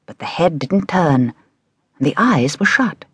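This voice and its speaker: Female children's-book narrator, measured and expressive, husky tone, very lively pitch. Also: no echo. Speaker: audiobook narrator.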